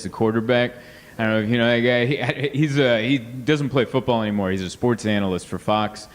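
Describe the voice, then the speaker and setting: A man doing a stand-up comedy set on a club stage, rambling and animated, acting out voices and sound effects. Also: medium pitch. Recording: live club sound, reverberant hall, audience noise.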